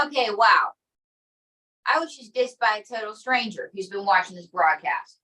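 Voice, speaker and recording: Bright-voiced playful woman comedian. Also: mid-range voice, normal speed, rough recording. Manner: animated, playful. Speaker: improv comedian. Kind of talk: improv sketch.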